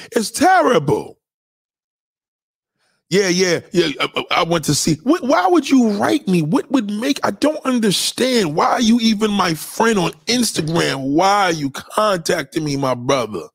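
A man hosting a livestream, ranting loudly and profanely and mocking people with quoted voices. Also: high-pitched, very animated, a little slow, vocal fry, breathy edge, no room sound, studio quality. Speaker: livestream host.

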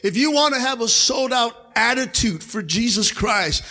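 A man preaching a sermon as pastor to his congregation in a church, with a slightly raspy voice, calling out "come on" and "amen" and shouting as he rises. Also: extremely high pitch, lively intonation, normal speed. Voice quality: a little raspy. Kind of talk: energetic sermon. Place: church sanctuary.

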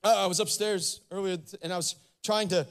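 Man, very high voice, pastor, casual animated sermon, conversational asides. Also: a little fast. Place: church service before a congregation.

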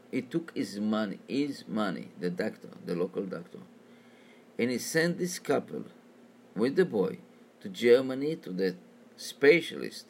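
A man telling a religious story as a sermon, talking in halting, repetitive phrases. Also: on the low side, slight background noise.

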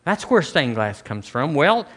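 Conversational preacher, slightly high voice. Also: male voice, sing-song, a little slow, a bit bright, husky. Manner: conversational preaching with repeated restarts. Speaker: pastor. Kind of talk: sermon.

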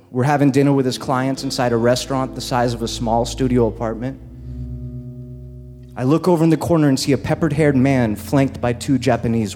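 A man performs a personal story on stage before a live audience, pacing his words slowly with dramatic pauses. His voice carries long hall reverb, and soft guitar plays underneath. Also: medium pitch. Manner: slow, deliberate, dramatic pauses.

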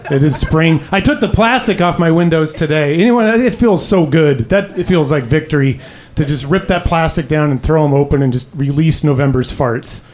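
A young man doing stand-up in a comedy club, his voice sitting a little high for a man. He talks in a loose, rambling way, swears freely and wanders off on tangents. His voice comes through a handheld stage mic. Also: moderate pace, a little mellow, slight background noise. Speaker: stand-up comic.

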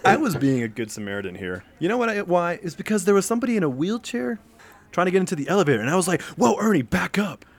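A man co-hosting a casual podcast, telling stories in an animated, defensive way. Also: sits high, racing. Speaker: podcast co-host. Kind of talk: casual chat.

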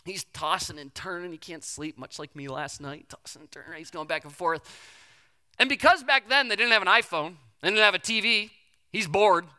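A preacher telling a Bible story in a loose, conversational sermon style, full of slangy asides. The voice sits mid-pitch and has a bright, ringing edge. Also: normal speed. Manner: casual and animated, slangy asides.

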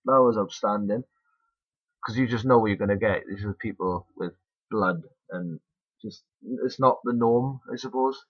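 A man's voice: lowish voice, moderate pace, husky. Rambling man hosting a podcast. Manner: rambling, loose, swears casually. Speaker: podcast host. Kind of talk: casual chat. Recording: muffled lo-fi podcast audio.

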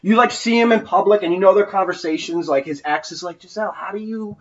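A man co-hosting a casual comedy podcast, animated and swearing freely as he acts out other people. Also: sits high, quick pace, roomy sound. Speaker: podcast co-host. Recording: dull lo-fi podcast audio.

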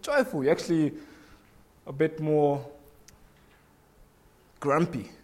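A man with a fairly high, expressive voice speaks slowly as he delivers a conversational sermon. He questions the congregation and acts out snippets of everyday conversation in little voices.

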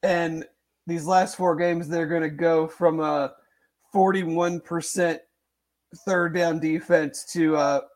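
A man's voice: on the high side, steady tone, slow pace. Rambling, hedging male sports podcaster. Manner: hedging, rambling, many fillers and restarts. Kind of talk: casual sports chat.

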